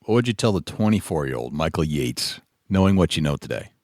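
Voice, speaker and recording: A man hosting a podcast interview, firing off quick questions and answering with short, soft acknowledgments. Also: a bass voice, very animated, no echo, clean studio sound. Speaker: podcast host.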